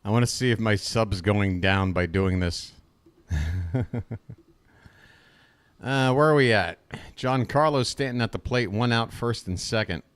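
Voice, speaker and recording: A man's voice: on the low side, a little slow, pauses often, smooth, no echo. Rambling crude man streaming baseball. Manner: rambling, crude, self-talking banter. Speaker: livestream baseball commentator. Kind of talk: casual live-stream play-by-play chat.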